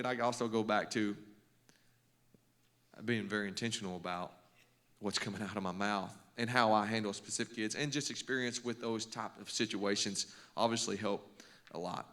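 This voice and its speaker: A man's voice: fairly low pitch, fairly even intonation, normal speed, fairly bright tone. A middle-aged man, a coach giving a devotional talk to a men's group in a folksy, conversational way with many restarts. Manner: conversational, lots of restarts and stammers; folksy, self-deprecating humor. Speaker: basketball coach and teacher.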